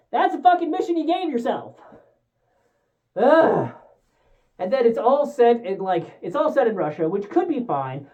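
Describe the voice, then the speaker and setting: In a casual movie review, a woman rants with a lively, swooping pitch, swearing freely and sounding exasperated. The recording is dull and lo-fi.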